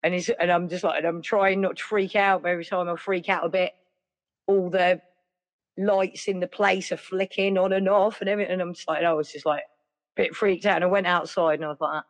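A woman's voice: lowish voice, steady tone, a little fast. A woman telling a personal story in a rambling, chatty way, full of "like" and "yeah". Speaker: podcast guest. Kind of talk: casual storytelling.

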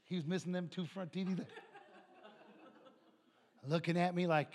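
A middle-aged man preaching a sermon, animated and telling family stories. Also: high-pitched, measured pace, long pauses. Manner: animated, acts out family members' voices. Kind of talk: sermon with storytelling.

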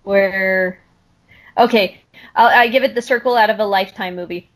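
A woman on a casual podcast reads a spooky story aloud. She chats loosely between passages and often pauses mid-sentence to search for words. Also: mid-range voice, fairly even intonation, rough recording. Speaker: podcast co-host. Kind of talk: casual chat and story reading.

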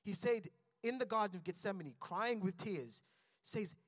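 A man's voice: sits high, expressive, moderate pace, fairly bright tone, no echo, studio quality. A man preaching a sermon in church, building intensity and calling out to his congregation. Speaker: pastor.

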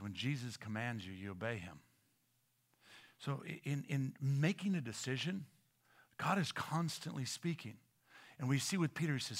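A middle-aged man preaching a sermon as a pastor, swinging from loud emphatic lines to hushed, almost whispered ones and often repeating words as he builds. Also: mid-range voice.

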